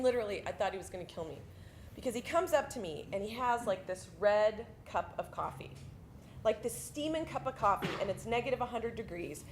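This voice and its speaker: Animated, profane woman veteran telling a story. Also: on the high side, slight background noise. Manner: casual, profane storytelling with lively swings. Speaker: army veteran recounting basic training. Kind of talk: spoken monologue performance. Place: theatre stage.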